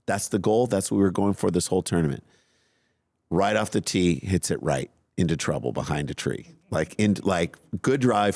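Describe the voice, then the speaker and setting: A man co-hosting a podcast, telling a story in a casual, animated, self-mocking way. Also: low-pitched, no echo. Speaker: podcast co-host.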